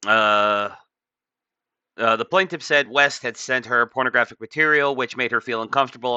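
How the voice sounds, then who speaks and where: A man's voice: on the low side, bright, forceful tone, dry recording. Offhand man rambling over a dull mic. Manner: offhand, rambling, many fillers. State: just woken up. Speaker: commentator. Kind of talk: casual commentary reading a news article aloud.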